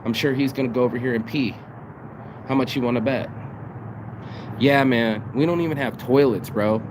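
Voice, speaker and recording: A man's voice: medium pitch, moderate pace. A man ranting and telling stories with heavy swearing, recording himself on his phone out in the city. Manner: profane, venting, storytelling. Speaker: vlogger. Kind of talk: outdoor rant vlog. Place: outdoors in a city. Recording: noisy outdoor street recording. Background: traffic and street noise.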